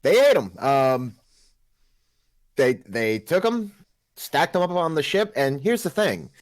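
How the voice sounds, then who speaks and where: Podcast guy, slightly high voice, bounces all over the place telling a story. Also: slow pace. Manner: storytelling, animated. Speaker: podcast co-host. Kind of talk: casual chat.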